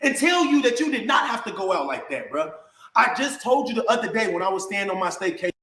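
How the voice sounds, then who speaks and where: A man's voice: sits high, very animated, fast talker, sharp tone. Angry man ranting in an echoey room. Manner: angry, confrontational, slangy. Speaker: online personality. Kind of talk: heated direct-to-camera rant.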